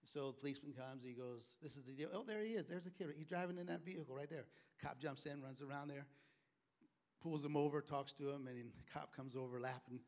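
A man preaching a sermon, telling stories and acting out quoted speech with loud, emphatic bursts. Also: mid-range voice, fairly quick. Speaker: pastor.

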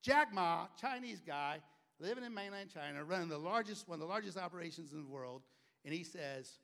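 A man's voice: a little high, lively intonation, a little fast, creaky, fairly bright tone. A middle-aged man preaching a sermon in a conversational way and acting out the voices of people he quotes. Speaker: pastor.

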